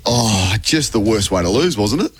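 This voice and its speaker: A man's voice: on the low side, expressive, normal speed, slight background noise. A man, a sports radio commentator telling stories in casual on-air chat.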